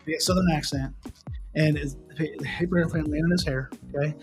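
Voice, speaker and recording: Animated man telling a story over music. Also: on the high side, fast. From Pennsylvania. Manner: animated, restarts and repeats, asks the listener questions. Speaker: host. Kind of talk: casual morning show storytelling.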